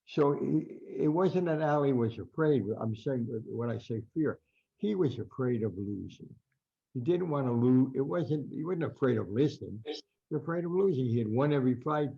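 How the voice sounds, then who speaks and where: An older man with a gravelly, husky voice tells ringside stories with energy. He acts out the voices of the people he quotes. The audio is dull and lo-fi. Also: medium pitch, moderate pace. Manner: animated storyteller, acts out quotes loudly. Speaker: guest boxing writer. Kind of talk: storytelling interview.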